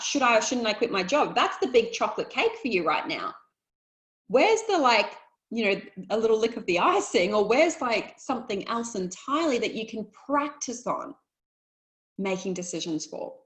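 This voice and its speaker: A woman's voice: a little high, low-quality recording. A woman, a life coach hosting a webinar on a video call, talking casually and encouragingly to her audience and acting out little dialogues. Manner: chatty and encouraging, acts out quoted dialogue.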